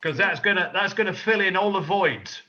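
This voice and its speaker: Jokey man leading a cooking stream, bright and fairly high, heard on a lo-fi call. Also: a little fast. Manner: joking, teasing, talks through steps. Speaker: cooking guide on a live stream. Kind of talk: casual live-stream chat. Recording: lo-fi video call audio.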